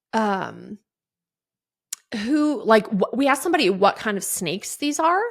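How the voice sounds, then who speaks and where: A woman in her thirties or forties hosting a podcast, telling stories casually with lots of fillers and acting out what others said. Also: on the high side. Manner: chatty, lots of fillers and laughs, voices others' lines. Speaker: podcast host. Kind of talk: casual storytelling monologue.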